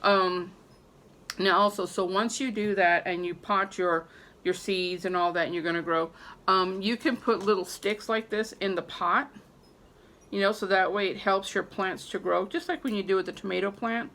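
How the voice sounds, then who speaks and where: A woman's voice: medium pitch, fairly even intonation, normal speed, fairly bright tone. A woman talking loosely to her viewers about growing and using herbs, rambling with many fillers and restarts. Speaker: herbalist teaching about herbs and spell work. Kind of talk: casual unscripted video talk to viewers.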